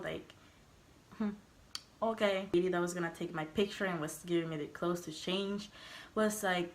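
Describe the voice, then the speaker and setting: A woman's voice: mid-range voice, noisy background. Young woman telling a story, laughing often. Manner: animated, laughing, swearing, acts out quotes. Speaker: vlogger. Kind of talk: casual storytime.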